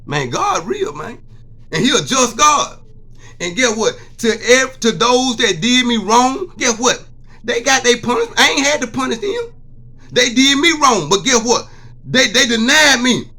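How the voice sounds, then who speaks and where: High, bright-voiced man preaching testimony. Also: sing-song, moderate pace. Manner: preachy, repeats "see what I'm saying". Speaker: vlogger. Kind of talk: emotional testimony monologue.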